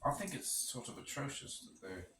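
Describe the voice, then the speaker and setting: A man's voice: mid-range voice, sing-song, normal speed. A man chatting casually while cooking in a rental kitchen, rambling with wry asides. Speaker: cooking vlogger. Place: kitchen with gas stove in a rental. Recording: roomy, distant mic, noisy background. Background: pot boiling on the stove.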